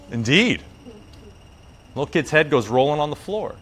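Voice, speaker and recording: A man's voice: fairly high pitch, normal speed, faint music behind. A man telling a story in a casual, slangy way as a yoga teacher, acting out the characters. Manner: slangy, animated, acts out characters.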